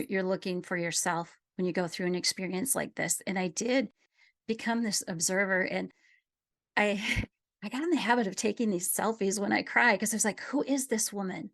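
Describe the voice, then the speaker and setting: A middle-aged woman gently telling a personal story in a reflective conversation, dropping at times to a near whisper. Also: medium pitch. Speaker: guest sharing a personal story.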